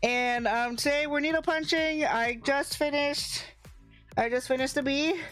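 A woman's voice: sits high, steady tone, unhurried, a bit bright, soft background music. A young woman streamer, out of breath, greeting her chat with effusive, bubbly energy. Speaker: variety streamer.

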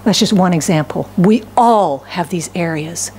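Woman pastor preaching in church, goes from loud and fervent to near whisper, keeps asking the congregation questions, faint hum behind. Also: fairly low pitch, measured pace. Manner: impassioned, swinging from raised declarations to hushed, near-whispered pleading; asks the congregation rhetorical questions. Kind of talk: sermon. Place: church sanctuary.

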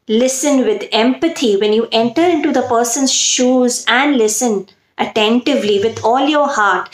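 A woman's voice: fairly high pitch, roomy sound, low-quality recording. A woman hosting her own channel, earnestly explaining and stressing words for emphasis. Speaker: channel host and self-help speaker. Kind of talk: explaining to camera.

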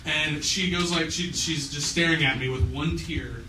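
A man's voice: fairly high pitch, normal speed. A man telling a funny story on stage at a live venue, laughing often as he goes. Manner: animated, laughing through his own story. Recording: echoey room, mic far off, noisy.

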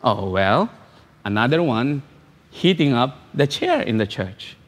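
A man pastor preaching a sermon, repeating phrases and asking rhetorical questions with halting restarts. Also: mid-range voice, very animated. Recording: long hall reverb.

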